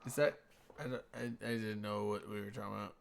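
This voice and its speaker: A man's voice: fairly low pitch, flat delivery, fast, vocal fry, noisy background. A man chatting casually as a podcast co-host, rambling and laughing at himself. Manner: rambling, laughs easily, self-deprecating. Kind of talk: casual chat.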